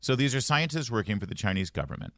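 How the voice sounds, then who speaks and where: A man's voice: on the low side, big pitch swings, quick pace, a bit bright, no room sound. Dry-voiced wry male radio host. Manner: wry, joking, reads news items aloud. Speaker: radio talk show host. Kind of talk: morning talk radio banter. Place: radio studio. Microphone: studio mic.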